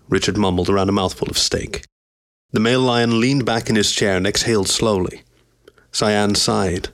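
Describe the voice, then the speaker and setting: Man narrating a story, gravelly voice, dry close sound, steady read. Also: fairly low pitch, moderate pace, no echo.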